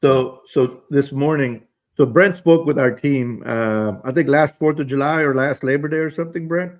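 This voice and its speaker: A man's voice: medium pitch, moderate pace. A man telling a story in casual chat on a video call, with small restarts.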